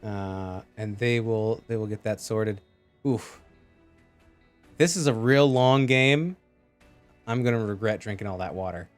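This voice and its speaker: A man's voice: lowish voice, unhurried, pauses often, faint music behind. A man casting a live esports match, chatty and joking as he reads out chat messages. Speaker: esports caster.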